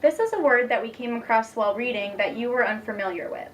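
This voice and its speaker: A young woman teacher demonstrating a reading lesson, patient and encouraging, speaking slowly and clearly. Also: on the high side, expressive. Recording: distant mic with faint background noise.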